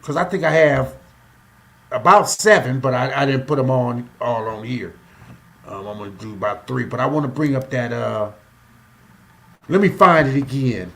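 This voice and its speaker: A man's voice: mid-range voice, normal speed, vocal fry, long pauses, a bit bright. A man hosting a casual livestream chat, laid-back with short reactions and fillers.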